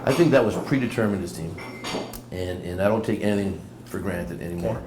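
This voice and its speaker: Seated at a café table in an echoey room with steady background noise, a middle-aged Canadian business owner, a guest, tells stories in a casual interview. His fairly low voice moves quickly and energetically, and he's animated, often repeating his words.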